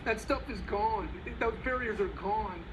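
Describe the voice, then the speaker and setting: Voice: medium pitch, moderate pace, noisy background. A man giving an earnest, emotional speech on television, repeating himself as he pleads.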